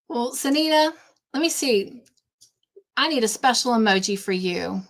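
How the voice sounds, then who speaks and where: A woman hosting a casual live stream, warmly greeting chat viewers by name and chatting between tasks. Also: high voice, lively intonation, a little slow. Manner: warm, effusive greetings to chat viewers, easily sidetracked. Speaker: livestream host.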